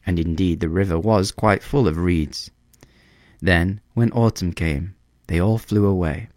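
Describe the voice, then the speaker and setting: A man reading a storybook aloud in a measured, expressive way. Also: deep voice, dry recording, studio quality.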